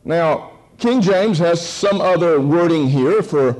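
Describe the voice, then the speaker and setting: A man's voice: fairly high pitch, expressive, slow, a little mellow, poor audio. A pastor preaching an earnest, conversational sermon with prayer and scripture reading, often repeating words as he thinks.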